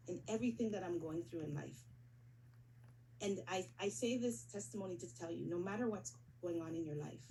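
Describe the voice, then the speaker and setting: A woman's voice: medium pitch, darkish tone, a little hiss or hum, rough recording. A woman in her forties telling a personal testimony to a church congregation, acting out the conversations in her story. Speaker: church member giving testimony. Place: church service.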